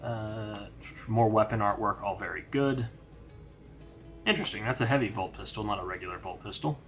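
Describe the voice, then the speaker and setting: A man's voice: fairly low pitch, moderate pace, faint music behind. A young man giving a casual, rambling unboxing review of a hobby magazine, with plenty of fillers. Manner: relaxed, rambling with many fillers.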